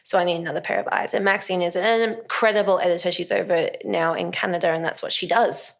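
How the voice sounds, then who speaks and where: A woman's voice: lowish voice, fast, creaky. A woman, an actress and comedian, chatting casually as an interview guest and acting out voices in her stories. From Australia. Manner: animated, acts out voices when telling stories.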